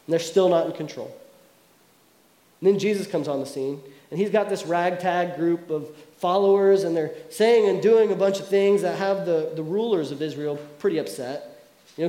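A pastor with a high, mellow voice tells his sermon like a story, chatting to the congregation with casual asides. His voice carries around an echoey church room.

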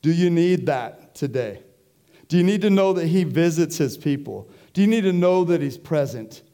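A man's voice: fairly high pitch, expressive, moderate pace, dark tone. A man preaching a sermon to his congregation in a conversational way, often putting questions to the listeners. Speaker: pastor. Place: church.

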